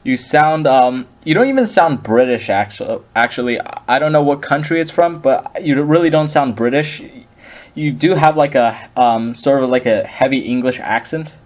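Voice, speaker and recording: A man hosting a casual interview, speaking hesitantly and filling his pauses with ums. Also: medium pitch, animated. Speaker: host.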